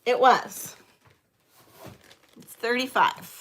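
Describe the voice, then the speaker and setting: A woman's voice: on the high side, extremely slow, fairly bright tone, slight background noise. A middle-aged woman hosting a live-streamed vintage jewelry sale, chatty and thinking aloud with many ums.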